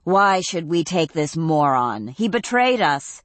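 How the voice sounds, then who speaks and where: A woman narrator voicing a tough, scornful teenage girl with blunt, forceful retorts. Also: low-pitched, very animated, slow, no echo, full character voice.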